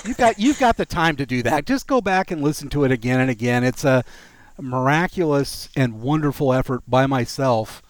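A man hosting a relaxed tech podcast, wry and joking in his delivery. His voice sits at an ordinary middle pitch. The recording is dry, with little room sound. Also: moderate pace, dry recording. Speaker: podcast host. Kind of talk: casual tech podcast chat.

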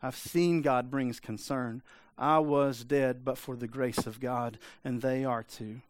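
A man's voice: medium pitch, level tone, takes it slowly, no echo. A man preaching a sermon in a conversational way, often asking the congregation for an amen. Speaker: pastor.

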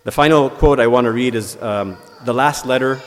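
Priest preaching in a reverberant church. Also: male voice, medium pitch, moderate pace. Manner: reads quoted dialogues aloud with lifted, animated emphasis. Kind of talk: homily.

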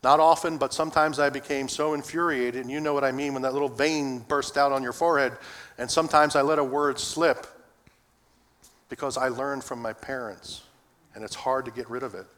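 Middle-aged male pastor, folksy and earnest, bright voice, reverberant church. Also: mid-range voice, steady tone, a little fast. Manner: folksy, earnest, addresses congregation. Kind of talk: sermon. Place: church sanctuary.

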